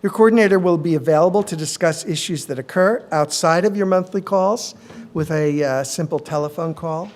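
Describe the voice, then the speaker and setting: Middle-aged doctor guy giving a talk in a conference room, measured, keeps saying uh. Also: on the high side, darkish tone. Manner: measured, many ums and uhs. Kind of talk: conference presentation.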